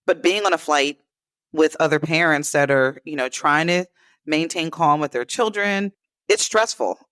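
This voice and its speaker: A woman co-hosting a podcast who talks in a relaxed, empathetic, reflective way. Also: low-pitched, normal speed, clean tone, dry recording. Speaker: podcast co-host. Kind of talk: casual conversation.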